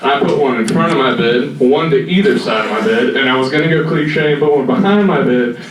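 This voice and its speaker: A man's voice: mid-range voice, brisk. A man in his twenties from North Carolina doing stand-up comedy, with a rambling, filler-heavy, profane delivery. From North Carolina, USA. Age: 20s. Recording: echoey room from far off, noisy.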